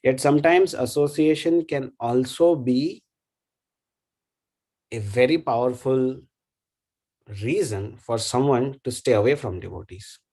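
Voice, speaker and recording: A man giving a devotional class talk in a thoughtful, halting way, with frequent fillers and tag questions. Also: medium pitch, a little mellow. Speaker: devotional speaker.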